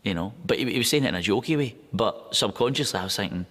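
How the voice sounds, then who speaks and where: A man recalling his father in a documentary interview, relaxed and full of "you know". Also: lowish voice, fast. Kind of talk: interview recollection.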